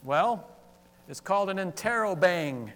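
Animated male pastor in a reverberant hall. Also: high-pitched, measured pace. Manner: animated, interacts with congregation, acts out quoted exclamations. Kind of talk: sermon. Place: church sanctuary.

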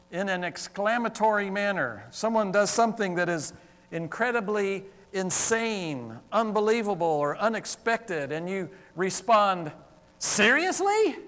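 A male pastor preaching a sermon, talking with the congregation and acting out exclaimed questions in an animated way. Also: high voice, big-room sound. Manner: animated, interacts with congregation, acts out quoted exclamations. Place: church sanctuary.

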